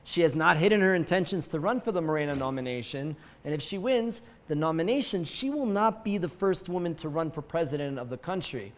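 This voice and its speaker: A man's voice: fairly high pitch, expressive, a little fast, hardly any pauses. A man hosting a satirical news show, reading stories and dropping wry jokes and chuckling asides. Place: lives in Mexico City.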